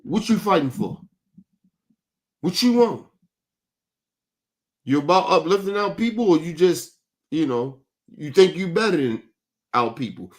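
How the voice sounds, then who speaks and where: A man's voice: a little high, lively intonation, a little slow, pauses often. A man hosting an online talk show, giving blunt, profane commentary and often asking "right?". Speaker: show host. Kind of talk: casual commentary.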